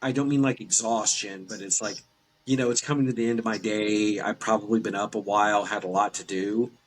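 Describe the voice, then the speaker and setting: A man from Eastern Kentucky with an Appalachian accent, a podcast guest telling ghost stories in a relaxed, rambling way. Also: lowish voice, a little fast, rough recording. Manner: relaxed, rambling anecdotes with restarts. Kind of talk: casual storytelling chat.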